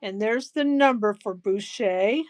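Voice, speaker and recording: A woman hosting a live-stream jewelry auction, chatty and excitable, gushing over each piece. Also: mid-range voice, measured pace. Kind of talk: live auction selling chat.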